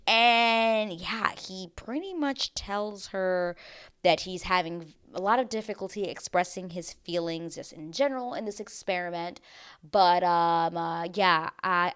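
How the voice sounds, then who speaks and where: A woman's voice: lowish voice, fairly bright tone, smooth. A woman hosting a casual TV recap, chatty and dramatic as she acts out her reactions. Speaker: recap show host.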